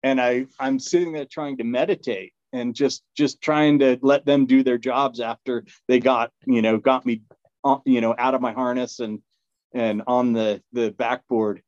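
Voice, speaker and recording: A man's voice: fairly even intonation, moderate pace, a little mellow, dry recording. A man telling a story in a casual, rambling way, with fillers, restarts and frequent laughs. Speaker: podcast guest. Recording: dull, dry low-fidelity sound.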